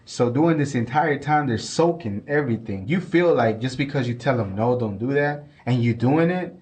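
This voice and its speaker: A man's voice: medium pitch, normal speed. Rambling man on a casual podcast. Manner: rambling, repeats himself, animated when quoting. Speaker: podcast co-host. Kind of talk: casual chat.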